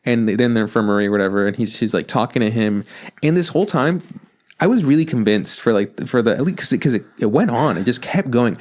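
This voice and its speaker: A man co-hosting a podcast, retelling a film's plot in a loose, animated, profanity-laced way and acting out the characters' lines. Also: medium pitch, fast. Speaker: podcast co-host. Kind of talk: casual podcast chat recapping a film.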